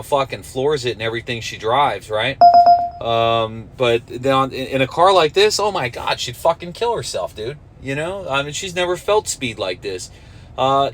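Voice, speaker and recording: A man's voice: medium pitch, fairly bright tone. A man vlogging as a rideshare driver from inside his car, talking casually and with frustration, swearing often and calling his viewers dude and bro. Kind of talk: casual rambling vlog.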